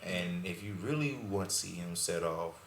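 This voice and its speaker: A young man co-hosting a casual podcast, telling a personal story and giving frank advice in relaxed slang. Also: sits low, moderate pace, vocal fry. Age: young adult. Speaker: podcast co-host. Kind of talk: casual chat. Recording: echoey room with faint noise.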